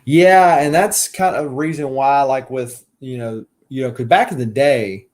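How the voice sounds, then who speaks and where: This is a man with a Southern US accent, chatting casually on a live stream about his collecting hobby. His voice sits at an ordinary middle pitch. He rambles, fills his sentences with "uh" and "you know", and stops to answer viewers' comments. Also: normal speed, a little mellow. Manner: rambling, many fillers and restarts. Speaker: collector channel host.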